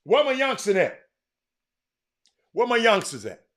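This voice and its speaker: A middle-aged man hosting a sports talk show, chatting casually and teasing viewers in the comments with loud, animated outbursts. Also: sits high, moderate pace, long pauses. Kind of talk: casual live-stream chat reading the comments.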